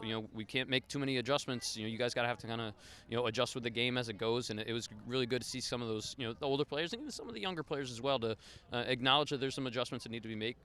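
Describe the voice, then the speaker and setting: Fast-talking coach with a bright voice. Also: male voice, mid-range voice. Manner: rambling, many fillers. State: losing his voice. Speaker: high school soccer coach. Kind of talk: post-game interview.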